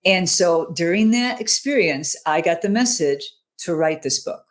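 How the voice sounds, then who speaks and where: A woman's voice: fairly low pitch, lively intonation, normal speed. A middle-aged woman, a mental fitness coach, telling a personal story in an online interview. She speaks earnestly and keeps checking in with "you know", "okay?" and "right?".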